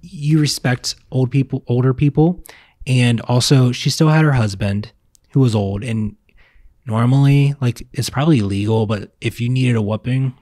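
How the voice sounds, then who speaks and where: A man's voice: medium pitch, moderate pace, darkish tone, dry recording, clean studio sound. A young man from Virginia chatting casually at home, telling stories in a rambling, self-correcting way. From Virginia, US South. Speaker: vlogger. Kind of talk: casual chat. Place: home, indoors.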